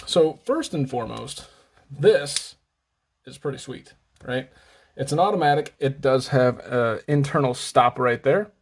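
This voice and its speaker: A man's voice: mid-range voice, measured pace, slightly rough. A man hosting a casual show-and-tell vlog, chatty and rambling, often correcting himself, slightly out of breath. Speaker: host of a knife and gear channel.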